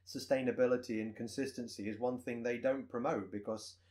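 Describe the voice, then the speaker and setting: A man, a personal trainer co-hosting a podcast, explaining goals with everyday examples in relaxed chat. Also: mid-range voice, brisk.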